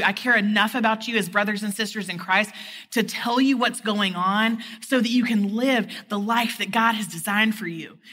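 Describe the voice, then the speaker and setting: A woman preaches at a conference in a large hall, her bright voice ringing with a long reverb. She talks in a chatty, storytelling way and acts out the lines she quotes. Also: medium pitch. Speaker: conference speaker. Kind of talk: sermon with personal story.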